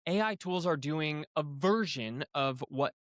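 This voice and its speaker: A man's voice: fairly high pitch, animated, measured pace, fairly bright tone, no echo, clean studio sound. A man hosting a podcast, who agrees often and asks musing questions. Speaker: podcast host. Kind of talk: casual interview conversation.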